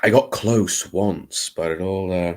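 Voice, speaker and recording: A man's voice: low voice, measured pace, a little mellow. A man hosting a late-night live stream, chatting in a theatrical, rambling, self-mocking way.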